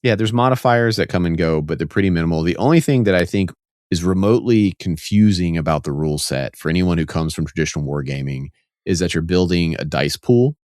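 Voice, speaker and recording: Deep-voiced man explaining game rules. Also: fairly quick, darkish tone, no room sound, studio quality. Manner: enthusiastic, explains rules step by step. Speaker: podcast co-host. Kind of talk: casual podcast chat.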